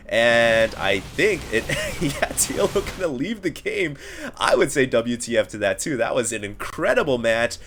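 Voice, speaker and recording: A man commentating a strategy game match live, energetic and building to excitement at the big plays, his voice sore and strained. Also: fairly high pitch, moderate pace, slight background noise. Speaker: esports caster.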